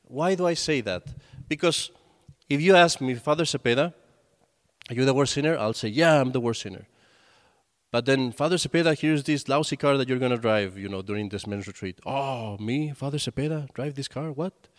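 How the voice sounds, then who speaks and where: A preaching priest in a reverberant hall. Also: male voice, mid-range voice, brisk. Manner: storytelling with acted quotes, conversational. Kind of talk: sermon.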